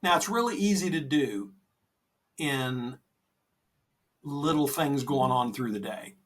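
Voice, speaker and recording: A man co-hosting a podcast, talking about faith in an earnest, gentle, reassuring way, often saying "you know". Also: medium pitch, animated, slow pace, recorded from a distance, soft background music. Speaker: podcast co-host. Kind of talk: conversational faith talk.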